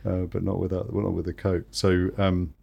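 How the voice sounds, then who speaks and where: Deep-voiced, encouraging male host. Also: completely flat delivery, vocal fry, breathy edge, dull audio. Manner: encouraging, halting with many restarts. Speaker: podcast host. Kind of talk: conversational interview.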